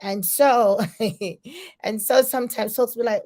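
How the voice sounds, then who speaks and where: A woman's voice: a little high, takes it slowly, mellow. A Jamaican woman giving a casual motivational live-stream talk, encouraging and repetitive, with many fillers. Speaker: motivational speaker.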